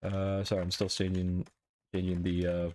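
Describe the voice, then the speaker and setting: Low-voiced male streamer, playful. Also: monotone, moderate pace, darkish tone, a little hiss or hum. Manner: dramatic recitation, then playful chat with silly noises. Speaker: VTuber streamer. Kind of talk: casual stream chat and poetry reading.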